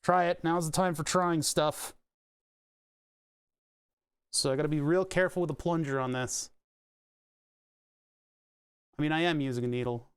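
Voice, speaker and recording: A man's voice: fairly high pitch, steady tone, normal speed, long pauses, smooth. A man streaming casually while he works on a craft project, rambling and restarting sentences and laughing at puns as he talks to his chat. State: hiccuping, heartburn.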